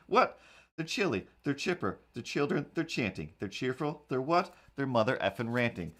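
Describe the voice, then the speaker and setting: A man's voice: medium pitch, sing-song, normal speed, a bit bright. A man chatting casually while he draws, rambling in a wry, incredulous way. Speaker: cartoonist streamer. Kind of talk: casual chat while drawing.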